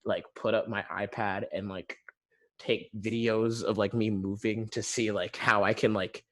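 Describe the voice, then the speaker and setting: A man's voice: lowish voice, steady tone, measured pace, fairly bright tone. A man guest artist talking casually on a video call, rambling with lots of filler words. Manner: rambling, heavy use of "like" fillers.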